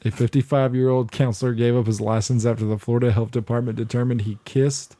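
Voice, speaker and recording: A man's voice: mid-range voice, flat delivery, fast talker, dark tone. A man co-hosting a casual chat, crude and joking, often trailing off mid-sentence. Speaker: podcast co-host.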